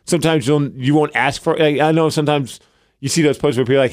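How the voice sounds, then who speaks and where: A man's voice: on the high side, lively intonation, quick pace, dry recording, clean studio sound. A man in his thirties co-hosting a podcast, telling rambling, self-deprecating stories in casual chat. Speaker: podcast co-host.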